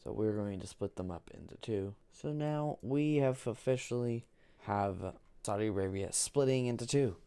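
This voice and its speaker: A man's voice: lowish voice, warm tone, clear, resonant tone, dry recording. A man casually narrating an alternate history on a map, repeating himself and restarting sentences. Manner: repetitive, restarts, halting.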